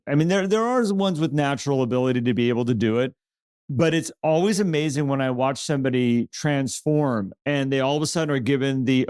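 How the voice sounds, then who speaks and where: A man's voice: medium pitch, darkish tone, dry recording, clean studio sound. A man co-hosting a podcast, telling stories in casual conversation, animating the quotes he retells and restarting his sentences often. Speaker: podcast co-host.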